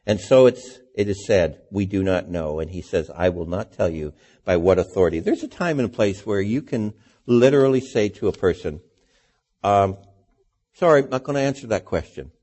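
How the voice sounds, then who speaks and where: A male preacher delivers a sermon in a relaxed, conversational way. His voice is warm and a little husky. He keeps turning to his listeners with rhetorical questions. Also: lowish voice, normal speed.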